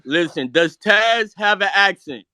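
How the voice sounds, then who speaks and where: A man's voice: high voice, lively intonation, unhurried, pushed and bright, smooth, no echo. A man from the United States calling into a live audio room, arguing defensively with the host and talking over him. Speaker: caller. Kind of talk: heated call-in argument.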